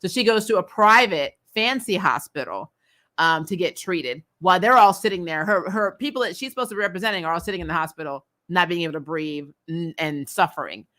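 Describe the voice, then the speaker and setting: A woman's voice: on the low side, fairly quick, fairly bright tone. A woman casually recapping a TV episode, chatty and opinionated, often exasperated, with fillers and laughs. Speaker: host.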